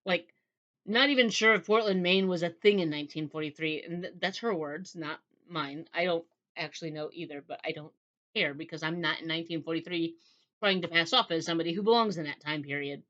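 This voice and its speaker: A woman's voice: deep voice, a little fast, fairly bright tone, muffled recording. A woman who reviews books, chatting in a rambling, casual way and acting out characters' dialogue. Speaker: book reviewer. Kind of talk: casual book review chat.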